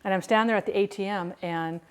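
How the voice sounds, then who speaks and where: An American woman who cooks at home and streams chats casually while cooking, rambling and cutting herself off. Her medium-pitched voice is smooth and steady, and she talks fast.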